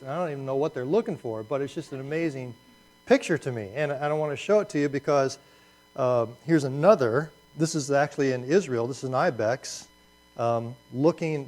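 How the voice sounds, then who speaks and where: Male pastor, conversational sermon, animated with restarts, fairly high voice. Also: poor audio. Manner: animated, repeats words as he restarts.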